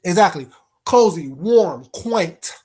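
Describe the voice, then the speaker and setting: A man's voice: high-pitched, lively intonation, takes it slowly, a little mellow, breathy edge. A man hosting a casual livestream, bluntly cussing out trolls and greeting viewers in the chat by name. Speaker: livestream host.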